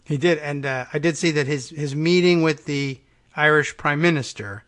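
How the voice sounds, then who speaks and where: A man hosting a casual political talk show, agreeing often and retelling news with quick quoted asides. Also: fairly high pitch, a bit bright. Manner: agreeable, chuckling, slips into quoted voices. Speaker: radio talk show host.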